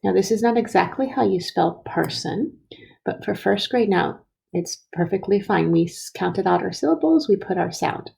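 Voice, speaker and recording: A woman teaching first graders a phonics lesson, sounding out letters and syllables slowly and sometimes dropping to a whisper. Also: medium pitch, animated, mellow, poor audio. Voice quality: gravelly and husky. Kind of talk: slow, careful phonics lesson.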